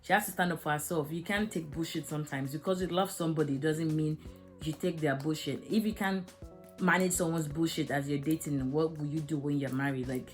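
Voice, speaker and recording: In a casual video review of a drama episode, a young woman talks frankly and emotionally, using lots of fillers. Her low voice stays fairly even in intonation and moves a little fast, with soft music in the background.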